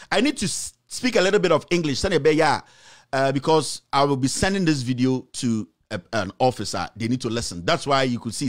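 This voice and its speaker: A man with a Ghanaian accent delivers heated political commentary as an online host. His voice sits high and swings widely in pitch. He hammers his points home with repetition and drops into Twi now and then. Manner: emphatic, repeats himself, slips into Twi phrases. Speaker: online show host and journalist.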